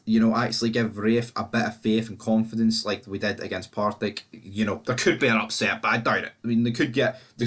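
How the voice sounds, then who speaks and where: A man with a Scottish accent hosting a football fan channel, giving a rambling, sweary, blunt match preview. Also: lowish voice. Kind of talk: casual match preview chat.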